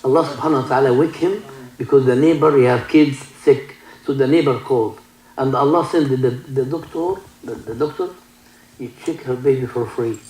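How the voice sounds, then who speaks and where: A man with an Egyptian Arabic accent, a native Arabic speaker, preaching a sermon and telling stories in halting English full of restarts. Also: mid-range voice, darkish tone, reverberant, rough recording. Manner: broken English, many restarts, mixes in Arabic. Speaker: sheikh giving a talk. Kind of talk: sermon with storytelling.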